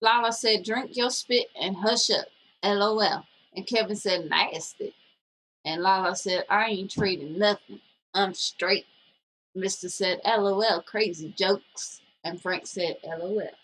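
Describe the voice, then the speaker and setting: A woman's voice: mid-range voice, fairly even intonation, a little slow, fairly bright tone, rough recording. A woman co-hosting a casual show, bluntly reading viewer comments aloud and teasing her co-host.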